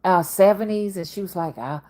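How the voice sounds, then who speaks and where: A woman's voice: on the low side, animated, a little slow, darkish tone. A woman in her fifties with a Southern accent, talking in a casual, rambling monologue that jumps between topics. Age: 50s. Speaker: spiritual reader and channel host.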